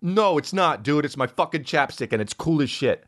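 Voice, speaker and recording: A man hosting a podcast, rambling in a profane casual monologue and jumping into loud, high-pitched outbursts. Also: brisk, dry recording, clean studio sound. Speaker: podcast host.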